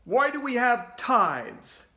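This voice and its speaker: A man playing a drawn-out quizmaster. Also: very high voice, big pitch swings, pushed and bright, pitched above the performer's own voice, heavily acted. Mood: announcing. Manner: slow, drawn-out quizmaster announcing. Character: grown man as a cheerful quiz show host.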